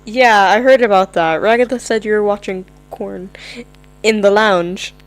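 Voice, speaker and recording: A woman's voice: mid-range voice, measured pace, close to an everyday voice, low-quality recording. A woman voicing a stern classmate, reading her lines casually and matter-of-factly over a faint mains hum. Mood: scolding.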